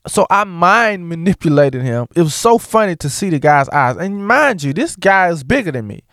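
A man's voice: fairly high pitch, moderate pace, no room sound, clean studio sound. A man talking casually and outspokenly to the camera, mixing jokes with blunt opinions. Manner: animated, joking, outspoken. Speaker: vlogger.

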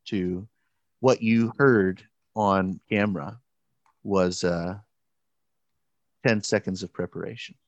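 A man telling a story in casual conversation, halting, with many restarts and fillers. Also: deep voice, steady tone, dry recording, highs cut off.

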